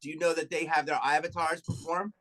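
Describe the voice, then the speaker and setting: Profane, animated middle-aged male storyteller. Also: on the high side, a little fast. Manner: profane, animated anecdote telling with acted-out quotes. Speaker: guest comedian. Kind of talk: casual podcast storytelling.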